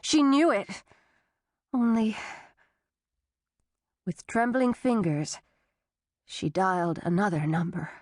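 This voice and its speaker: A woman narrating an audiobook thriller in a steady, even storytelling manner. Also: mid-range voice, takes it slowly, pauses often, no echo, studio quality. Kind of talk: scripted narration.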